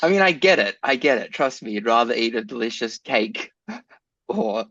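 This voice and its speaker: A man's voice: medium pitch, sing-song, moderate pace, gravelly, a bit bright, no echo, highs cut off. A man co-hosting a podcast in casual chat, joking around, laughing often and asking questions. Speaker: podcast co-host.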